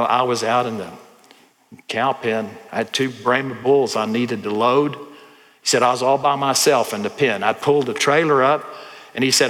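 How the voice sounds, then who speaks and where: Folksy Texan preacher in a reverberant hall. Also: male voice, mid-range voice. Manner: folksy, animated storyteller who acts out voices. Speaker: pastor. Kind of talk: storytelling sermon.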